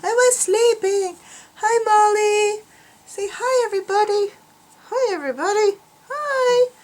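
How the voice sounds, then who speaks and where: A grumpy little pet dog just pulled out of a nap, whining in a squeaky, high, drowsy voice that a woman puts on for her. The voice sits far above the speaker's normal register and sounds sleepily put out. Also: unhurried, a little mellow. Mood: sleepy grumbling.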